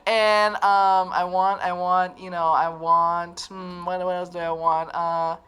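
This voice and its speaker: A woman's voice: lowish voice, level tone, takes it slowly, a bit bright, smooth. A young woman from Northern Ireland with a Northern Irish accent, chatting casually on a livestream and reading viewer comments, giggly and rambling with lots of restarts. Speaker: livestream host.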